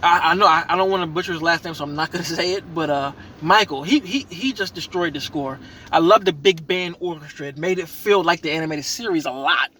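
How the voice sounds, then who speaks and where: A man giving an excited, rambling reaction review of a movie he just saw, full of slang and restarts. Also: fairly high pitch, brisk, slight background noise.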